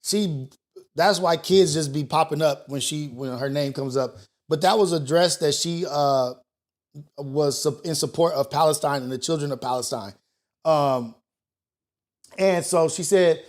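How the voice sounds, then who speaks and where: A man hosting a morning talk show, thinking out loud in a loose, profane way with many restarts. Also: a little high, moderate pace. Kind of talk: casual talk show commentary.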